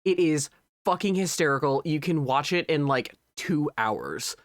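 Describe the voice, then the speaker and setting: A man chatting casually on a game stream, rambling and excitable, often laughing. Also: fairly high pitch, a little slow, no room sound, clean studio sound.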